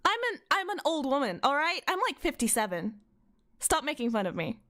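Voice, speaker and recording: A woman's voice: sits high, big pitch swings, a little fast, sharp tone. A young adult woman in a comedic voice-acting video, playful and teasing, played from a clip. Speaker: voice actor.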